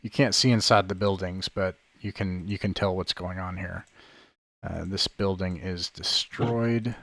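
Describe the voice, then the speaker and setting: A man narrating a tabletop game as game master, describing scenes in a halting way full of fillers over an online call. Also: low-pitched, steady tone, a bit bright, no room sound. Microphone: online call microphone.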